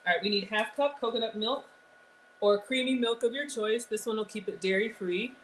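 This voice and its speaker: A woman's voice: fairly high pitch, fairly quick, low-quality recording. Woman host, chatty live-stream cooking demo, slight background noise. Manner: chatty, talks straight to viewers.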